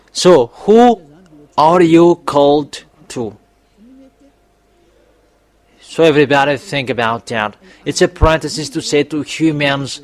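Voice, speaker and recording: A man preaching a sermon, emphatic and often rising to loud exhortations. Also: fairly high pitch.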